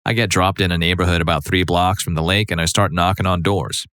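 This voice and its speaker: Low-voiced male story narrator. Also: fairly even intonation, fairly quick, fairly bright tone, clean tone, no echo. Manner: conversational, wry storytelling. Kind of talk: narrated online stories, first-person.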